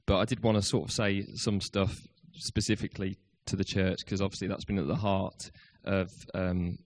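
A man's voice: deep voice, flat delivery, moderate pace. A man in his thirties, a youth worker, giving a hesitant, self-deprecating farewell speech in church with many ums.

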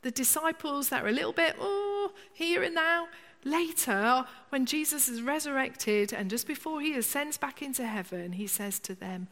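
A woman's voice: high voice, moderate pace, a bit bright. A middle-aged woman preaching a conversational sermon, acting out people's inner voices. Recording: long church reverb.

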